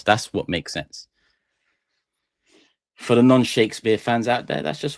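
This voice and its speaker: In a small studio room, a young man from England hosts a fan channel live stream, chatting casually and jokily with viewers in a rambling way, addressing chat directly. His mid-range voice has lively intonation and a creaky edge, unhurried with frequent pauses, captured dry in studio quality.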